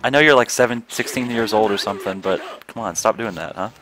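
A man's voice: lowish voice, fast, over loud music. A man narrating his strategy game run in casual let's play commentary, swearing, trash-talking enemy units and laughing at his own jokes. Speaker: gamer.

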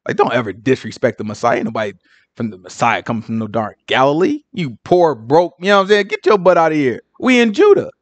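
A man's voice: medium pitch, fast, no echo. A man teaching the Bible in a casual, slangy way, acting out the people in the story as he goes. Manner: slangy, animated, acts out characters.

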